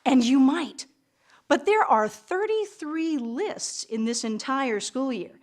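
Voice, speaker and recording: Brief: middle-aged woman, lively English teacher with a slightly high voice, playful and dramatic. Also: slow pace. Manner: enthusiastic, theatrical, with playful asides. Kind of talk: recorded classroom lesson.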